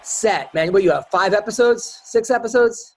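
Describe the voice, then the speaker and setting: A man's voice: high-pitched, normal speed. A man hosting a podcast, chatting casually and rambling through stories with frequent restarts. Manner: rambling storyteller with many restarts. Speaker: podcast host. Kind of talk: casual chat.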